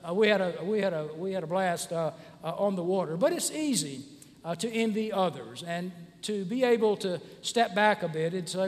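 A man's voice: high-pitched, expressive, moderate pace. A man in his sixties preaching a sermon as pastor, conversational, with many "uh" fillers and restarts. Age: 60s. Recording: church hall with long reverb.

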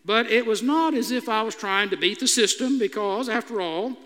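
A man's voice: high-pitched, normal speed, bright, forceful tone. A male pastor delivering a sermon, telling a story with dry humor, recorded in an echoey church hall.

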